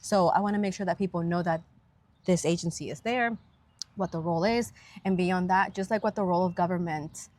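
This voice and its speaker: A woman's voice: fairly low pitch, brisk, darkish tone. A woman speaking as a podcast guest, earnest and upbeat in casual conversation. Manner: earnest and upbeat, talks about civic engagement. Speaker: guest, county attorney. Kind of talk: casual interview chat. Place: outdoors in a park.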